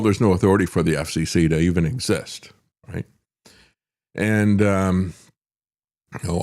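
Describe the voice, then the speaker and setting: A man's voice: fairly low pitch, darkish tone. An older man hosting a talk show, giving a sarcastic political monologue with chuckling asides and frequent "uh" fillers. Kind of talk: opinionated political commentary monologue.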